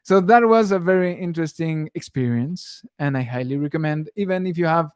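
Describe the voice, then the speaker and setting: Chatty man, bright lightish voice, dry sound. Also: fairly high pitch, animated, fairly quick, dry recording. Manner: rambling, self-interrupting, chuckles often. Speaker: guitar teacher. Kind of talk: casual live stream Q&A.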